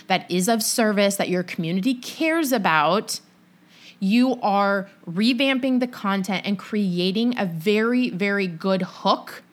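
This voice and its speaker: Chatty woman coaching on business content. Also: medium pitch. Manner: chatty, animated storytelling with lots of "like". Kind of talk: casual solo podcast advice.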